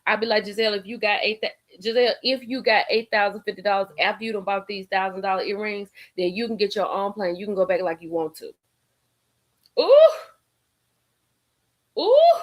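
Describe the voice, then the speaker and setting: A woman's voice: mid-range voice, quick pace, few pauses. Lady on a livestream going off, sassy and cussing, laughing a lot, kinda tipsy. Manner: animated, sassy and profane, laughs often. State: a little tipsy from drinking. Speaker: livestream host. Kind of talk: casual live-stream commentary.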